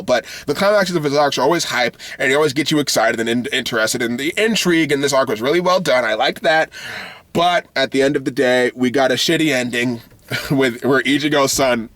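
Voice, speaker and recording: A man's voice: a little high, bright, forceful tone, dry recording. A man ranting in a vlog, heated and profane, frustrated and often laughing. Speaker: anime video creator.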